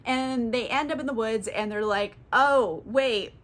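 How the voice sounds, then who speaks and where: A woman recaps a book in a loose, comic way, giggling and swearing as she goes. Her voice sits a little high, and "like" fills her sentences. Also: moderate pace. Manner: giggly, profane, lots of "like". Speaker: book vlogger. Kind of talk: casual comic book summary.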